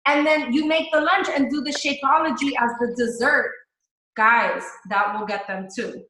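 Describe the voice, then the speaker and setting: Bright, high-voiced woman coaching her team. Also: steady tone, normal speed, heavy reverb, slight background noise, low-quality recording. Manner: chatty, upbeat, talks straight to her team with lots of "guys". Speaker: network marketing coach. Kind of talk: live video call coaching talk.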